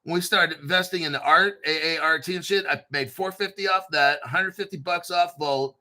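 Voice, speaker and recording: A man's voice: fairly high pitch, a little fast, pushed and bright. A man hosting a crypto channel, rambling casually with profanity, jokes and self-mockery. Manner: profane, joking, self-mocking and digressive.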